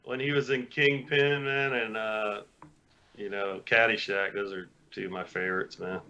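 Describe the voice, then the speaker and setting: A man co-hosting a casual chat, enthusiastic and quick to laugh. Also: lowish voice, fairly even intonation, sharp tone. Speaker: co-host.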